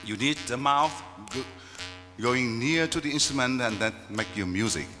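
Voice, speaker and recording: A man's voice: mid-range voice, moderate pace, in a large hall, over music. A man with a Vietnamese accent, a folk musician explaining his instruments to a live audience in simple, friendly English.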